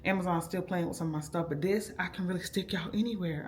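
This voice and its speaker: A woman's voice: on the low side, quick pace. Laid-back woman vlogging. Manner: chatty, laid-back, addresses viewers as y'all. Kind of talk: casual vlog chat to camera. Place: at home, indoors. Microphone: handheld camera.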